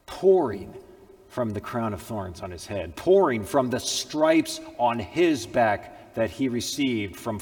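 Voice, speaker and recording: A man preaching a sermon and telling a story. His delivery is dramatic, rising to loud proclamations and dropping to hushed tones. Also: medium pitch, husky, long reverb tail.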